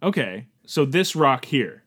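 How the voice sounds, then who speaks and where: A man voicing a newly arrived young male recruit who talks in a hesitant, apologetic way with deadpan asides. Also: medium pitch, a little slow, breathy edge, full character voice. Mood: awkward. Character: newest young male recruit, awkward and eager. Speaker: podcast co-host. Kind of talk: improvised comedy role-play.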